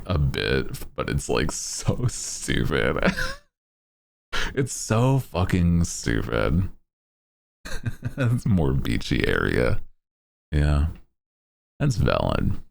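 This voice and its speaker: Male streamer: extremely deep, lively pitch, casual rambling chat, laughs a lot. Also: vocal fry.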